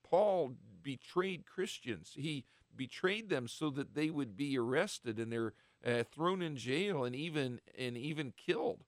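A man hosting a Christian radio talk, teaching the Bible in an earnest, halting way with many restarts. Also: medium pitch, lively intonation, dry recording, clean studio sound. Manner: acts out short quoted voices of the devil and apostles.

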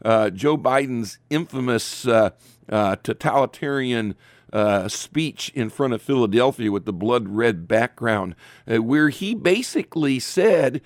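A man's voice: medium pitch, expressive, measured pace, no echo, studio quality. A man hosting an opinionated commentary monologue, sarcastic and full of fillers and restarts. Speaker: commentary show host.

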